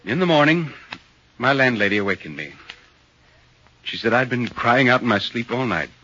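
An actor playing a curious gentleman visitor who narrates in vintage radio drama, speaking in a measured, calm, questioning way. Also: mid-range voice, breathy edge. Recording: muffled old radio recording with faint hiss.

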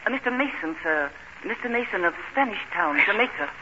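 A woman's voice: mid-range voice, animated, brisk, background noise, close to an everyday voice. A woman playing a timid, deferential older housekeeper in a vintage radio drama, speaking in a hesitant, polite way. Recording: dull old radio recording heard from a distance.

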